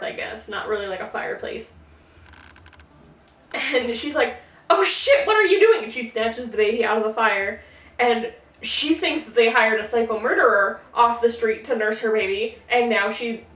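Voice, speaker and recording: A woman hosting a casual, jokey retelling of a myth, slipping into quick character voices. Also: on the high side, fairly even intonation, a bit bright, echoey room, recorded from a distance. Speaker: podcast host. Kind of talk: casual tipsy mythology retelling.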